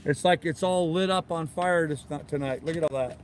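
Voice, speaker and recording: A man's voice: a little high, normal speed, a little hiss or hum. Chatty older man on a boat. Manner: chatty, easygoing, laughs often. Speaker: host. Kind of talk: casual live-stream chat. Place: outdoors on a boat in a harbor. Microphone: handheld camera or tablet.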